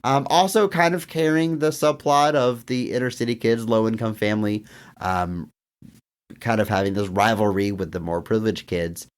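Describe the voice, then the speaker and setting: A man co-hosting a film podcast, chatting casually with dry jokes and drawn-out emphasis. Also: on the low side, clear, resonant tone. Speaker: podcast co-host. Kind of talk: casual film review chat.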